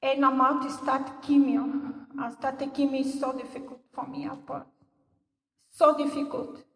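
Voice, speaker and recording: An older woman, giving a personal testimony in church in halting English. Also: sits high, flat delivery, a bit bright. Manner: halting non-native English, earnest storytelling. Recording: echoey hall, voice from far off.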